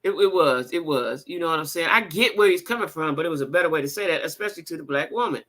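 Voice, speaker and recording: A woman hosting a casual livestream chat, talking to her viewers in a blunt, animated and profane way, with repeated exclamations. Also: deep voice, fast. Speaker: livestream host reading viewer comments.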